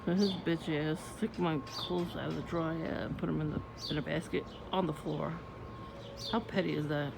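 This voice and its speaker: A woman's voice: low voice, steady tone, moderate pace, vocal fry. A woman vlogger telling stories in a blunt, irritated, profane casual rant. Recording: muffled lo-fi with loud background noise.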